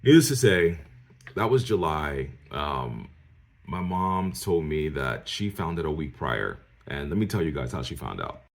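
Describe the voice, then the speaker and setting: A man from New York telling his viewers a personal story in a casual, animated way. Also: very deep voice, unhurried. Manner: animated, talks straight to viewers, acts out the people he quotes. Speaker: storyteller vlogger.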